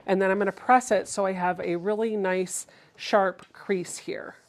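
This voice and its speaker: A woman's voice: mid-range voice, steady tone, unhurried. A woman hosting a casual sewing livestream. She chats through each step and reads viewer comments aloud.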